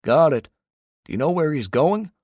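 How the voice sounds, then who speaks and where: Man voicing a young raider scout, eager, quick replies, high, loud, dry sound. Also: big pitch swings, no echo.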